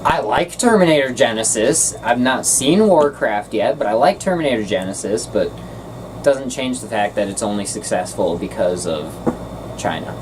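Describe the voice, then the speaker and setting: A woman hosting a casual film review, talking in an animated, ranting way and quick to get loud. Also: extremely low pitch, far from the mic, noisy background.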